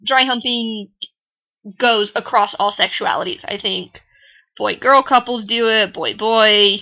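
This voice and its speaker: A woman's voice: a little high, measured pace, pushed and bright. A young woman co-hosting a podcast in frank, jokey casual chat, laughing often. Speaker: podcast co-host. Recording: poor sound quality.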